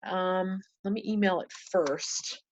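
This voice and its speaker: A woman's voice: on the low side, slow pace, dull audio, a little hiss or hum. A woman talking through a casual screen-share tutorial, thinking aloud with many fillers and restarts.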